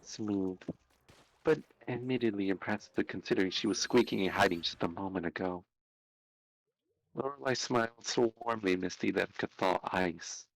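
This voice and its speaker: A man narrating a fan story aloud on a live stream, unhurried, with small slips and restarts. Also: low-pitched, gravelly, dry recording, low-quality recording.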